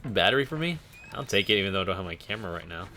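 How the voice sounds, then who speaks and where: A man with a low voice talks through a game stream in a casual, joking way. His tone is bright and forceful, and he fills the play with dry, sarcastic remarks. A faint noise sits under the recording. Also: lively intonation, rapid-fire. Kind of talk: casual gameplay commentary.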